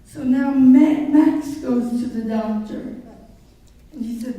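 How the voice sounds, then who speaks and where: A woman telling jokes at a reception with unhurried, deadpan setups, recorded from far off in an echoey hall. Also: sits high. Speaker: joke teller.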